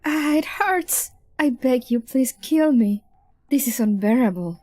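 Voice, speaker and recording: A woman's voice: on the high side, sing-song, normal speed, mellow, no echo, clean studio sound. A woman reading the lines of a mocking, bored female android prisoner with sarcastic, drawling taunts. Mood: taunting. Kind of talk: reading game dialogue aloud.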